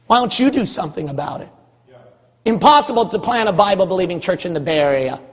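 A man from California preaching a sermon as pastor of his church, hammering one phrase over and over and rising into shouts. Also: high-pitched, expressive, fast talker, husky, big-room sound. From California, USA. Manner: forceful, repetitive exhorting, rising to shouts.

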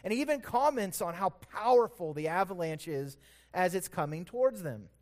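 A man with a high-pitched voice preaches a sermon in an easy, conversational manner. He stops to correct himself out loud, then pulls his listeners into a story whose intensity builds. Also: expressive, moderate pace. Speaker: pastor.

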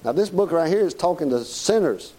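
A man's voice: a little high, animated, fairly quick, warm tone. A middle-aged man with a Southern US accent preaching a sermon in a folksy, joking way, chuckling as he goes. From Southern United States.

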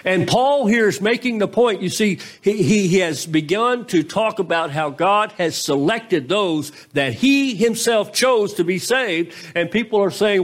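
A man preaching a sermon in a conversational style, posing rhetorical questions to the congregation, his pitch swinging between raised and low. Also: lively intonation, unhurried, hardly any pauses. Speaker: pastor.

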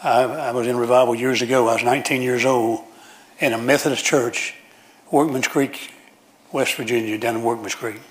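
Man preacher, homespun sermon delivery, repeats and restarts phrases, average pitch, church. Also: fairly even intonation, normal speed. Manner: folksy storytelling with frequent restarts and repetition.

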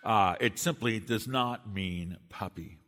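A man's voice: on the low side, slow, fairly bright tone. Emphatic male preacher in a reverberant hall. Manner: emphatic, rising and dropping for stress, occasional restarts. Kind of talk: expository sermon.

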